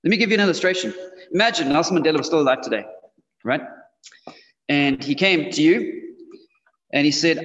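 A man's voice: fairly high pitch, lively intonation, fairly quick, long pauses, a bit bright. A man preaching a sermon in a conversational way, speaking directly to his congregation. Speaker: pastor. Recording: dull lo-fi sound with long hall reverb.

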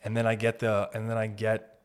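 A man's voice: fairly low pitch, monotone, fairly quick, clean tone. A man hosting a podcast, talking in a rambling, profane, comedic monologue that keeps breaking off mid-sentence. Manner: rambling, profane, self-interrupting, mock voices. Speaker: podcast host.

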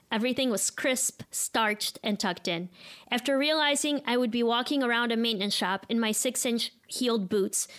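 Woman, 30s, Chicago accent, live storyteller, self-deprecating and candid, slightly high voice. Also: fairly bright tone.

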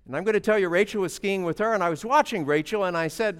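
A man preaching a sermon and telling a family story, swinging between loud emphasis and hushed moments, with halting repeats. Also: high voice, smooth. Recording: long reverb of a large hall.

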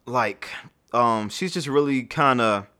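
A man co-hosting a casual chat about singers, talking in an animated, opinionated way. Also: medium pitch, slow pace, smooth. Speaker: co-host, singer.

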